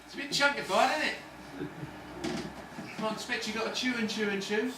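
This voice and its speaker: A man's voice: high-pitched, fairly quick, natural voice. An actor playing a cynical, swaggering ladies' man in a hospital ward, lecturing in slang. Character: cocky London ladies' man, cynical patient. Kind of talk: amateur stage-style film acting. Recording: echoey room, distant mic, faint noise.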